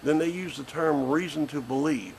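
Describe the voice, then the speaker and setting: A man's voice: a little high, normal speed, darkish tone, slight background noise, low-quality recording. A man, a grandfather speaking bluntly and indignantly in a recorded statement. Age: 50s. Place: porch outdoors.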